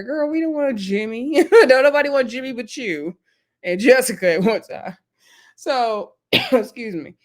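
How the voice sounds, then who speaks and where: A woman's voice: mid-range voice, a little slow. A woman, recapping a reality show in a sassy, chatty vlog style. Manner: chatty and sassy, with frequent laughs and asides.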